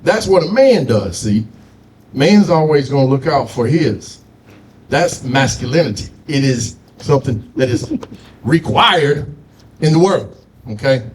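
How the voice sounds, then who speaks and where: A man's voice: mid-range voice, lively intonation, measured pace. A man doing a stand-up comedy set, telling loose stories with frequent asides to the crowd. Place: comedy showcase stage.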